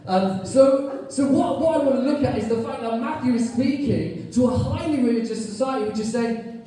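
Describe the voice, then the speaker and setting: A man preaching a sermon in a lively, chatty way, joking with his congregation. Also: very high voice, moderate pace, hardly any pauses. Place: church hall. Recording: echoey church from far off.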